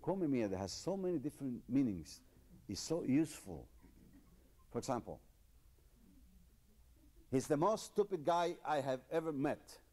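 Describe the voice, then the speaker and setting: A man doing stand-up as a mock language lesson, with deadpan teacherly drills and slow, exaggerated pronunciation. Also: medium pitch. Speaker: comedian. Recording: noisy live comedy recording.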